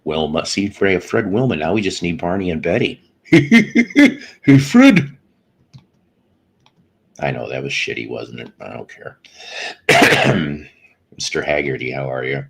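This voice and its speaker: A man's voice: rumbling low, moderate pace, gravelly, fairly bright tone, slight background noise. A man hosting a live stream, chatting loosely and greeting viewers by name in a meandering, chuckling way. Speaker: podcast host. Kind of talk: rambling live-stream chat.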